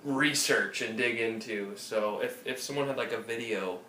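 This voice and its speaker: A man co-hosting a podcast in casual chat, telling animated stories and mimicking callers in high voices. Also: normal speed. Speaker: podcast co-host. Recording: roomy phone recording with faint noise.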